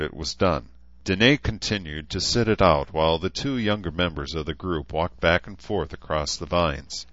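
A man reading a novel aloud as an audiobook narrator, steady and even. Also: sits low, no echo. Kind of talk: scripted narration. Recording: dull, lo-fi, dry.

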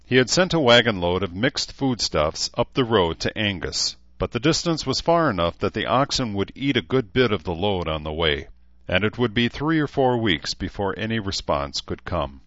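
A man reading an audiobook in a measured, even narration. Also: lowish voice, no echo, muffled recording. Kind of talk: scripted narration.

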